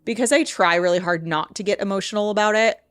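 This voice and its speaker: Emotional, animated woman podcast host. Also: mid-range voice, quick pace, smooth, dry recording, clean studio sound. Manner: emotional, animated, laughs often, swears when passionate. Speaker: podcast host and mindset coach. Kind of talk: casual solo podcast talk.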